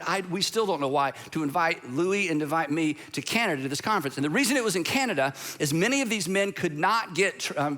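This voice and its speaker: A man's voice: on the high side, sharp tone. A man, preaching a sermon as a pastor, telling stories in a conversational way with asides.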